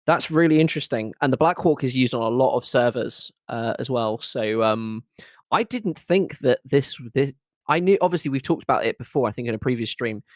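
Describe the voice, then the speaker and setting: A man's voice: medium pitch, expressive, fairly quick, dry recording. Enthusiastic man chatting on a stream. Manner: enthusiastic, rambling with restarts. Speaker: co-host. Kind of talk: casual livestream chat.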